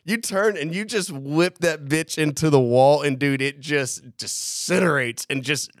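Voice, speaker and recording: A man's voice: a little high, a little slow, no echo, clean studio sound. A man casually telling a rowdy story to a friend, swearing often and acting out his own past lines. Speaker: podcast co-host.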